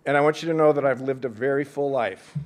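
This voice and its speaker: A middle-aged man from Seattle giving an earnest, reflective speech, telling a personal story with gentle humor. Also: medium pitch, quick pace. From Seattle, USA. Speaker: speaker at a leadership event.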